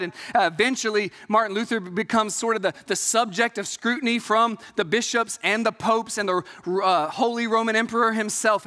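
A man preaching a Sunday sermon in a church, earnest and emphatic, rising to loud peaks and falling to quiet, intimate passages. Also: high-pitched. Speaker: pastor. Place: church sanctuary. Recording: long hall reverb.

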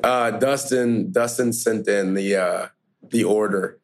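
Gravelly-voiced male podcast guest, teasing. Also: lowish voice, takes it slowly. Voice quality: groggy gravelly voice. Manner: relaxed, teasing, slangy. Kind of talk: casual interview chat.

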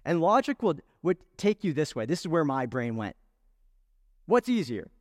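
A man's voice: a little high, sing-song, normal speed, clean studio sound. Earnest male pastor in a big hall. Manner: earnest, rhetorical questions, builds emphasis. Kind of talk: sermon. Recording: long reverb in a large hall.

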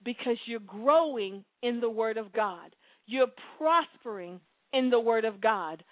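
Woman, sermon and prayer, high voice, impassioned, soft pleading to loud exclamations, tinny phone-like sound. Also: lively intonation, a little slow, no echo. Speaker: preacher.

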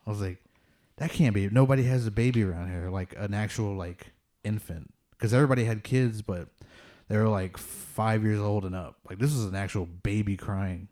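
A man's voice: lowish voice, moderate pace, warm tone. A man casually telling ghost stories, rambling with lots of fillers and laughing nervously at the tense parts. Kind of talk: casual storytelling of ghost encounters.

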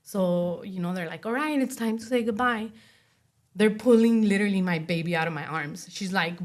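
A young woman speaking as an interview guest, giving a personal testimony in a soft voice full of "you know" and "like". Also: mid-range voice, normal speed. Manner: soft-spoken, many fillers like "you know" and "like".

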